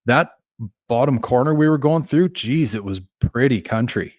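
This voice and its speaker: A man's voice: medium pitch, lively intonation, moderate pace, no room sound, studio quality. A man from Canada hosting a podcast, laid-back and chuckling, swearing casually. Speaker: podcast host. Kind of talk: casual chat.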